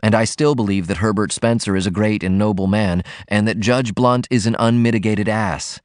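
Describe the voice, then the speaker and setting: A man voicing a proud young male writer in an audiobook, speaking in a measured, bitter, argumentative way. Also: on the low side, steady tone, dry recording, clean studio sound, close to an everyday voice. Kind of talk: audiobook character reading.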